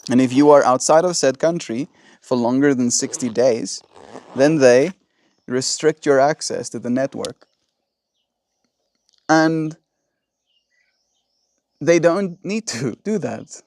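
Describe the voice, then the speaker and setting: A man's voice: medium pitch, slow pace, long pauses, a little mellow. A man hosting a casual livestream, ranting in an exasperated, rambling way into a phone. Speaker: livestream host. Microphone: phone in vertical livestream.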